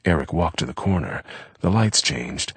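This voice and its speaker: A deep, low-pitched man narrates a novel in a measured, steady audiobook reading. His voice is husky, and the recording is dry and close. It sounds like a studio read. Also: no room sound.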